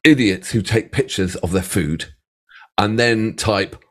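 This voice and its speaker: A man's voice: on the low side, slow pace, fairly bright tone. A man co-hosting a reaction channel, ranting and joking with lots of swearing in casual banter.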